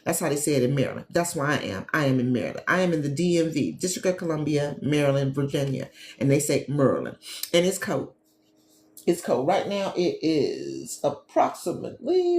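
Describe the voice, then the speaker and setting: A woman from the American Midwest who hosts a live travel talk show, chatting casually and warmly addressing her viewers as a travel agent and business coach. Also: on the low side, a little hiss or hum. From Gary, Indiana, USA. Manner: chatty, animated, talks straight to viewers as "y'all". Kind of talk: casual livestream chat with viewers. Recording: echoey room with faint ambience.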